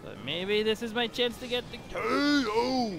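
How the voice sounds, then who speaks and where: A man giving excitable gameplay commentary while sick with a bad cough, breaking into frequent exclamations. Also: sits high, brisk. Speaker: gamer.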